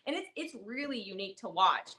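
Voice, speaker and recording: A woman's voice: a little high, a little fast, slight background noise. A young woman from Canada telling stories in a podcast interview, giggling often and filling her talk with "like". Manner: giggly, lots of fillers, animated quoting. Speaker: podcast guest, former rodeo queen. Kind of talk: casual storytelling.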